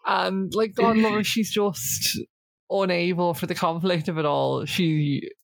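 A woman's voice: on the low side, steady tone, unhurried, creaky, no echo. A woman co-hosting a casual podcast chat, recapping events and acting out quotes in raised voices. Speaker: podcast co-host.

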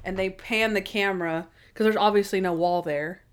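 A young woman talks through a TV episode in a relaxed, rambling chat. She fills her sentences with "like" and restarts, sounding easygoing and familiar as a regular co-host. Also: normal speed, smooth. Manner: chatty, lots of "like", acts out scenes in high voices. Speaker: podcast co-host. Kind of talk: casual chat.

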